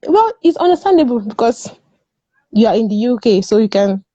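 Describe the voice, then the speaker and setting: A high-voiced woman argues her point in a casual discussion. She is emphatic and repeats herself, and she laughs often. Her tone is mellow and dry, and the recording sounds dull and muffled. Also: very animated, brisk, no room sound. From Nigeria. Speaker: guest panelist.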